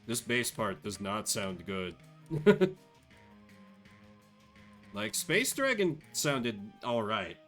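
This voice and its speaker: A man's voice: lowish voice, very animated, drawn-out words, long pauses, fairly bright tone, faint music behind. A man streaming a game, making wry, dry asides as he reads the game text aloud in casual commentary.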